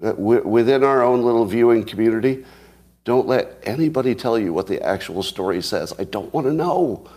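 A man's voice: medium pitch, brisk, a little mellow. A man giving solo commentary on news headlines, sarcastic, with mock outrage, restarts and chuckles. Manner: thinks aloud with restarts, chuckles. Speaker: commentary host.

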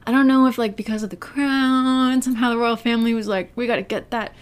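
Laughing woman podcast host, rather high voice. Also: fast talker. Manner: animated, laughs often while reading. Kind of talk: casual chat, reading a transcript aloud.

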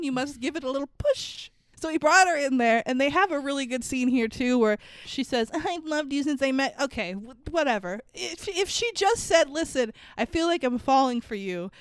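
A woman co-hosting a podcast in casual chat, animated, laughing often and swearing freely. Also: sits high, no echo. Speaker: podcast co-host.

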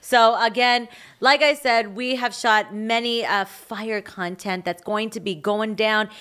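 A woman's voice: fairly high pitch, steady tone, a little slow, a bit bright, clean tone. A woman in her thirties co-hosting a podcast in a studio, bubbly and chatty, swearing casually. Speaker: podcast co-host. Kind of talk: casual chat.

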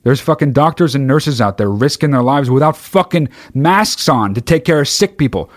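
A man ranting on a livestream, heated and swearing constantly, with sudden bursts of shouting as he reads through chat. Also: mid-range voice, expressive, normal speed, hardly any pauses, no room sound, clean studio sound. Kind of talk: profane livestream rant.

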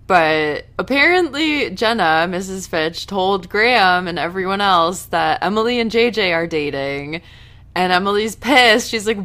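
A woman casually recapping a TV episode in a chatty, animated way, now and then breaking into loud outrage. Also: medium pitch, a little slow. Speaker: TV recap host.

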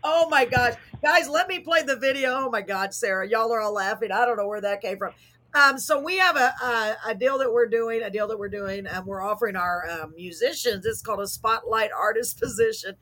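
A woman hosting a casual live talk show, bubbly and quick to laugh. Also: fairly high pitch, bright, forceful tone. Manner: bubbly, laughs easily, apologetic.

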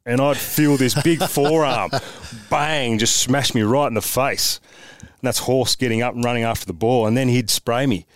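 An Australian man, a former footballer, telling blunt, animated stories as a podcast guest with mild swearing. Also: medium pitch, brisk, no room sound, clean studio sound. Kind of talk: casual storytelling chat.

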